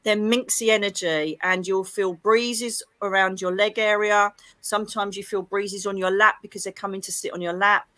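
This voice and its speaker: A middle-aged woman with a bright, forward voice tells stories in an animated, gushing rush. Her sound is dry and close, with no room around it. She chats casually, with frequent exclamations. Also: medium pitch, normal speed, hardly any pauses, no echo. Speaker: psychic medium guest. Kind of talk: casual livestream chat.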